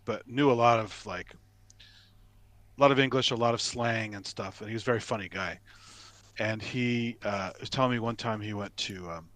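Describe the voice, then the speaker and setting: A man's voice: medium pitch, a bit bright, no room sound. A man on a video call, telling anecdotes in a chatty, restarting way. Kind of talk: casual chat on a video call.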